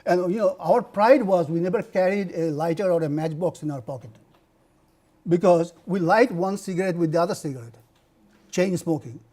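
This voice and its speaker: An older man who grew up in India is lecturing to students, his voice pitched a little above the usual. He tells personal stories in a lively, digressive way, laughing and restarting often. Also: moderate pace. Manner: animated storytelling with frequent laughs and restarts.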